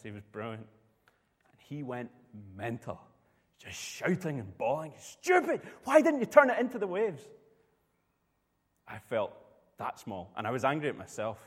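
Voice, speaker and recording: Preacher telling a story in a hall. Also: male voice, mid-range voice. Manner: storytelling, conversational. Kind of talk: sermon.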